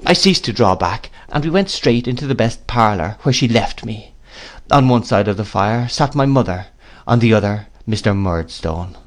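A man narrating an audiobook of a classic novel in a measured, expressive storytelling manner. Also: lowish voice. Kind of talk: audiobook reading.

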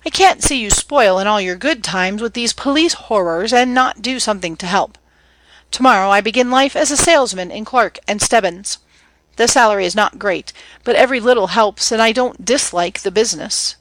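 A woman's voice: mid-range voice, moderate pace, fairly bright tone, dry recording, natural voice, low-quality recording. A woman reading as a young man, a teasing yet protective older brother who talks in a breezy, slangy, earnest way.

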